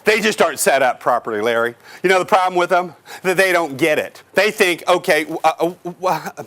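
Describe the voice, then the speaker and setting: A man giving an energetic real estate sales training seminar to a live audience, asking the crowd questions and acting out clients. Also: a little high, brisk. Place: office or meeting room with an audience.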